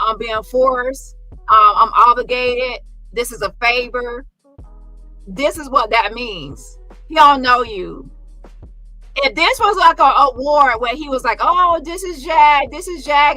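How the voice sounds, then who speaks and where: High bright sassy woman commentator. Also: low-quality recording. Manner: sassy, profane, mocking impressions. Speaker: commentary vlogger. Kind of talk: casual commentary on photos.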